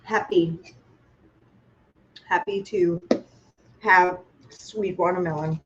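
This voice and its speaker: A woman's voice: on the low side, slow, muffled recording, background noise. Chatty Thai-accented woman teaching cooking. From Thailand. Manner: chatty, playful, talks to viewers with questions. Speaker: cooking class host. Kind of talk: live online cooking demonstration.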